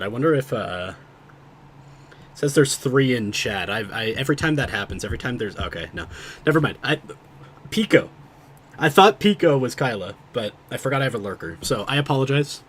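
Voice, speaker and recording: A man streaming a video game, chatting casually with his viewers and thinking out loud, often cutting himself off mid-sentence. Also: mid-range voice, a little hiss or hum. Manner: rambling, self-interrupting, thinking out loud. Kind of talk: casual livestream chat while gaming.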